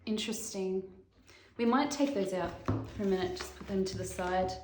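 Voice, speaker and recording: A woman doing a casual tarot reading, thinking aloud in a slow, musing way. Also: mid-range voice. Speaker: tarot reader. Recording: echoey room with clear background noise.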